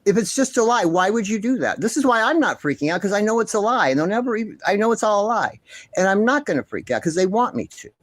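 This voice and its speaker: A man's voice: high-pitched, big pitch swings, fast talker, fairly bright tone, no room sound. A man hosting a commentary vlog, ranting passionately and indignantly, swearing often and insisting on the same points over and over. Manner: repeats himself insistently. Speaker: commentary channel host.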